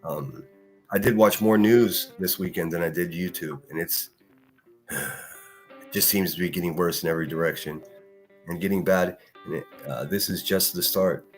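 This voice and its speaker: Low-voiced man ranting on a live stream. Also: normal speed, faint music behind. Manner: profane, heated, combative; reads and answers chat comments. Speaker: live-stream podcast host.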